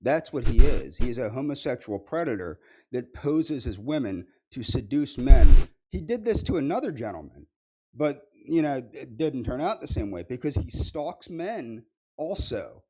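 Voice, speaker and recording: A man's voice: mid-range voice, sing-song, normal speed, dark tone, husky. A man in a played clip, accusing someone and repeating the same charge over and over.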